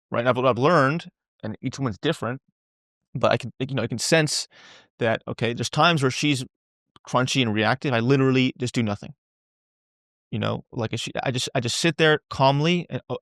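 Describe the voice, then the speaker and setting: A man with a gravelly, fry-tinged voice talks freely as a podcast guest. He circles back on his words and swears in passing. The sound is close and dry, with no room around it. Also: mid-range voice, fairly bright tone, dry recording. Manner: rambling, repeats words, swears casually. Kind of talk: candid conversational interview.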